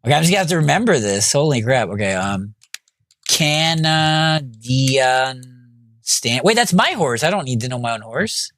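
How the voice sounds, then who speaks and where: A man's voice: medium pitch, big pitch swings, moderate pace, fairly bright tone, no room sound, studio quality. A man streaming a video game live, talking to himself and his chat in a scattered, reactive way. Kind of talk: casual live-stream commentary.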